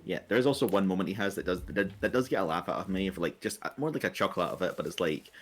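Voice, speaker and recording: A man's voice: low-pitched, lively intonation, very fast, faint music behind. A man co-hosting a podcast in casual chat, rambling with lots of "like" fillers and the odd swear. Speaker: podcast co-host.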